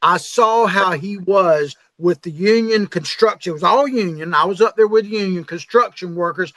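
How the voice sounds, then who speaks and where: High-voiced man, emphatic and dry. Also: normal speed, a bit bright, dry recording. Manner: emphatic, insistent storytelling. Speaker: podcast co-host. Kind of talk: casual political chat.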